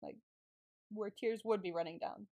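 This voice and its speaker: A woman co-hosting a podcast in casual chat, excitable, laughing often and swearing casually. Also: medium pitch, moderate pace. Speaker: podcast co-host.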